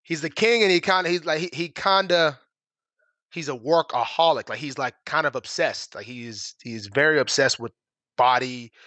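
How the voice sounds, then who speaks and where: A man, a pro football player, telling stories in a casual chat, animated and laughing as he acts out conversations. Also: on the high side, moderate pace, dry recording. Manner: animated, laughing, acting out dialogue.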